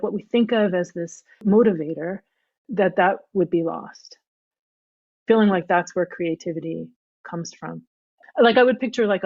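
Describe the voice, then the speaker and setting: A woman's voice: mid-range voice, a little mellow, dry recording, highs cut off. A middle-aged woman, a graphic novelist and guest, talking reflectively, qualifying her thoughts with "you know" and "I mean.". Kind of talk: reflective interview talk.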